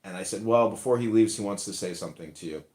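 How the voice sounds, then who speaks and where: A podcast host with a lowish, darkish voice talks fast on a casual talk show. He rambles through profane stories, acting out quotes, and the recording has a roomy echo.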